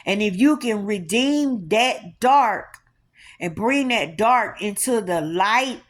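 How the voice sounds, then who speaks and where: Lady preaching about the spirit, casual and emphatic, repeats herself for punch, mid-pitched. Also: lively intonation, slow. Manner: colloquial, emphatic, preacher-like repetition. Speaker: spiritual teacher. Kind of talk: informal spiritual teaching.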